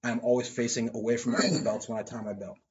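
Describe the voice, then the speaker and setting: A man's voice: medium pitch, flat delivery, fast talker, husky. A man who coaches kids' jiu-jitsu classes, talking earnestly in a casual podcast chat. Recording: dull lo-fi sound.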